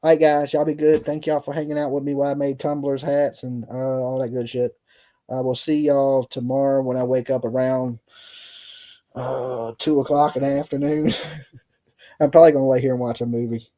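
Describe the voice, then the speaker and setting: A man's voice: medium pitch, little pitch movement, moderate pace, dark tone. A tired man chatting casually on a live stream in loose, colloquial talk. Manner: loose, colloquial, laughing storyteller. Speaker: livestream host.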